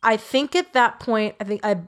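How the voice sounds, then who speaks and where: A woman's voice: a little high, normal speed. Woman casually telling a true crime story on a podcast, chatty, keeps correcting herself. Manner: chatty, animated retelling with quoted voices and self-corrections.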